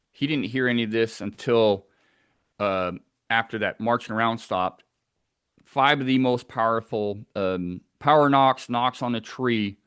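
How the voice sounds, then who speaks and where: A man's voice: mid-range voice, fairly bright tone, clear, resonant tone, dry recording, studio quality. A man telling a tense first-person story of a wilderness encounter, acting out the sounds as he goes.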